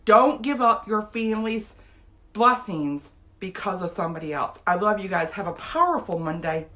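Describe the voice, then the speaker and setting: A woman's voice: medium pitch, expressive, moderate pace, a bit bright. A woman, giving an emotional, earnest motivational talk straight to her viewers. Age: 50s. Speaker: motivational vlogger.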